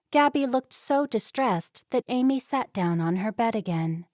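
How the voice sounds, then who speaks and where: A woman narrating a romance novel audiobook in a calm, even storytelling manner, close to the microphone. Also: medium pitch, unhurried, hardly any pauses, no room sound. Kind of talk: scripted narration.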